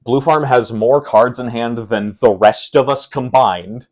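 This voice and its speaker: A young man, a tournament player being interviewed, talking casually and walking through game decisions step by step, getting animated as he retells a frustrating loss. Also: medium pitch, a little slow. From Pacific Northwest of the United States.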